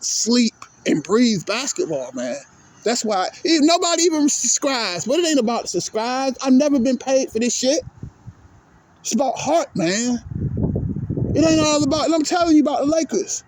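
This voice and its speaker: A man's voice: very high voice, noisy background. A man hosting his own basketball channel, ranting in a profane, heated way that turns emotional, repeating "man" again and again. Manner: profane, heated, repetitive, says "man" constantly; swings from angry to emotional. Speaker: basketball vlog host. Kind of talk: ranting monologue.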